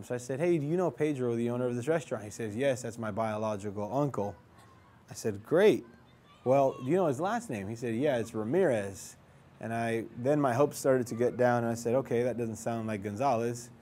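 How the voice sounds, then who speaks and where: A man's voice: medium pitch, darkish tone. A young man casually recounting his search for his father, rambling and conversational, acting out quoted dialogue along the way. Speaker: vlogger telling his life story. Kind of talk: casual storytelling.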